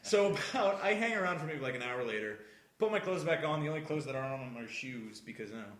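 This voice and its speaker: A man's voice: mid-range voice, lively intonation, fast talker, a bit bright. A young man telling a story casually to friends on a podcast, laughing often as he goes. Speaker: podcast co-host. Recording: echoey room.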